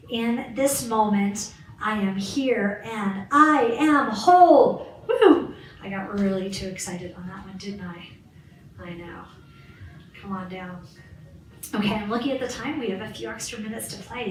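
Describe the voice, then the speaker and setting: A woman fitness instructor leading a guided balance and stretching class, cueing moves and counting reps in an encouraging way. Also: mid-range voice. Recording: roomy, far from the mic, faint background hiss.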